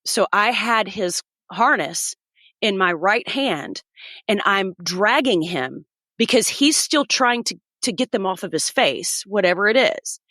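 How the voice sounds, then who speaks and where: A woman's voice: medium pitch, lively intonation, a little slow, sharp tone, dry recording, clean studio sound. A woman in her thirties, a podcast guest, vividly telling a personal story and acting out the voices of the people in it.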